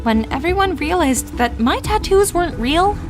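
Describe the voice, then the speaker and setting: Young woman doing a dramatic storytime, super high voice, soft music under it. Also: animated, moderate pace. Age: young adult. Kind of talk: first-person storytime narration.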